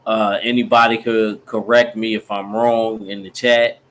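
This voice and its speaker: A man's voice: on the low side, little pitch movement, unhurried, fairly bright tone, rough recording. A man hosting a casual live stream, talking loose slangy banter to his chat while he has the hiccups.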